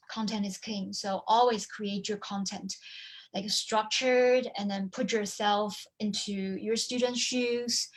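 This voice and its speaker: Slow-paced woman teaching over a video call. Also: a little high. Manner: lively, humming and singing examples, quizzing listeners. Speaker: language teacher and online course presenter. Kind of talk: live webinar talk with demonstration.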